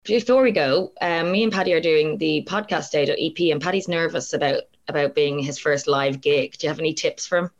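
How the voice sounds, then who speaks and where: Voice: medium pitch, fairly quick, few pauses, lo-fi sound. A podcast co-host, prompting the guest with chatty questions. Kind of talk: casual podcast chat.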